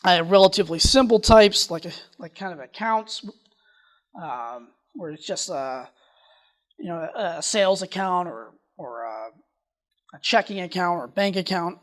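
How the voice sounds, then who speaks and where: A conference speaker giving a technical presentation, talking quickly and often restarting sentences. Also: mid-range voice, expressive.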